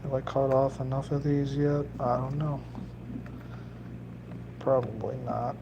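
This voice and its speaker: A man's voice: medium pitch, fairly even intonation, measured pace, gravelly, lo-fi sound, background noise. A man chatting casually on a solo livestream, rambling and cracking jokes to viewers while he works with his hands, with a slight put-on Italian lilt. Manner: rambling, jokey, talking to chat while working. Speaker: livestreamer building fishing lures.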